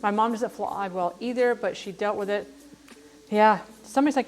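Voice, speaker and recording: A woman's voice: mid-range voice, brisk, darkish tone, slight background noise. A middle-aged woman chatting while she cooks on a livestream, rambling and self-deprecating. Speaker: cooking livestreamer. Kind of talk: casual chat while cooking on a livestream.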